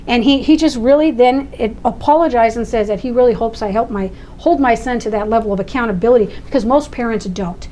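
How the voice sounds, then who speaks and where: A woman's voice: on the high side, fairly quick, hardly any pauses, warm tone, slight background noise. A middle-aged woman, a mother, telling a personal story with heated emphasis. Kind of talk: personal testimony.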